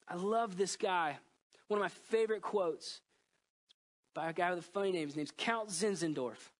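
A man in his thirties preaching a sermon as pastor, earnest and emotional, swinging between loud pleas and hushed lines. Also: sits high.

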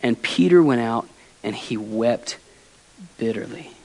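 A man preaching a sermon as pastor, earnest and emotional, swinging from loud emphasis to quiet softness. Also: mid-range voice, expressive, unhurried.

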